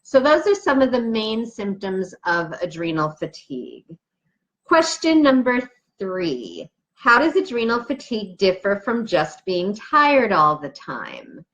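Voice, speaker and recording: A woman's voice: medium pitch, very animated, measured pace, a bit bright. A woman naturopathic doctor giving an explanatory health talk to camera, chatty and emphatic, working through questions from her notes.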